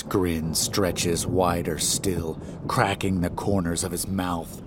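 A man narrating a first-person horror story in a measured, grave way. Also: sits low, level tone, slightly rough.

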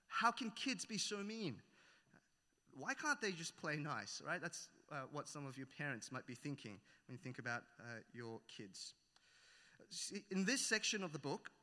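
His voice fairly high, bright and forceful, a man with an Australian accent, brought up in New Zealand, opens with a prayer and then preaches a sermon. The delivery is conversational, packed with fillers and self-corrections, in a hall with echoey reverb.

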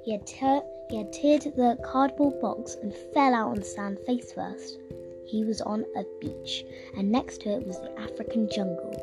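A woman narrating a children's audiobook in a playful, expressive way. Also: fairly high pitch, moderate pace. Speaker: storyteller. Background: music.

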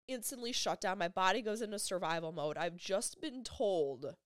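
A young woman vlogger telling a personal story, halting and emotional, with repeated phrases and frequent filler words. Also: medium pitch, expressive, dry recording, studio quality.

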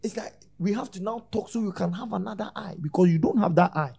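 Pastor scolding the church, slightly high voice, goes quiet then loud. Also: male voice, quick pace, creaky, few pauses, breathy edge. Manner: scolding, rhetorical questions, swings from soft to loud. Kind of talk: sermon.

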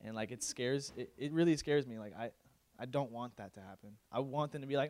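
A young male pastor preaching a casual, emotional sermon, moving from loud pleading to quiet confiding, with slang in his talk. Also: medium pitch, a little fast, no echo. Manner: casual, uses slang like bro.

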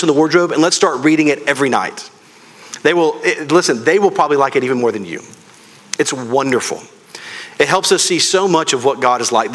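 A man's voice: a little high, fairly bright tone. A man preaching a sermon as pastor, earnest and speaking directly to his congregation.

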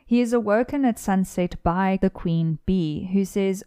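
A young woman casually retelling a folk tale on a podcast, lively and playful with asides. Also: mid-range voice, a little slow, few pauses, smooth, no echo. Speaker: podcast co-host.

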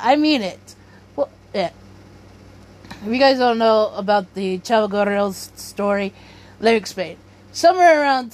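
A woman with a high voice talks slowly and loosely as a podcast host. She rambles, trips over her own sentences and keeps breaking into laughs. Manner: rambling, self-interrupting, laughs often. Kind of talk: casual rambling commentary.

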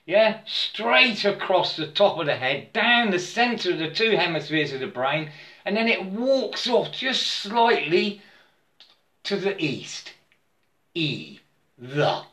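Slow, halting man in an echoey room. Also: high voice, sing-song, bright, forceful tone. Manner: halting and repetitive, stammers and keeps asking "yeah?". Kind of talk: rambling spiritual monologue. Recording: roomy echo.

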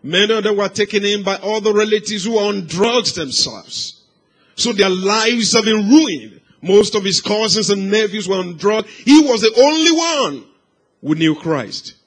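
A man preaching, telling a life story as a sermon, swinging from hushed, slow passages to loud, raised cries. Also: high-pitched. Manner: dramatic swings from hushed to shouted.

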